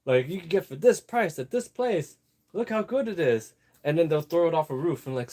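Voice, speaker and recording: A man vlogs while sewing an apron, his voice a little high, darkish, and sing-song at a fairly quick pace. The chat is casual and rambling; he's chatty, easily distracted, digresses constantly, and laughs often.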